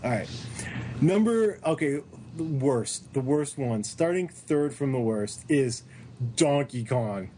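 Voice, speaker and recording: Lively joking man ranting on a podcast. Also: mid-range voice, slow, a little hiss or hum. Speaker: podcast co-host. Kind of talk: casual sports podcast chat.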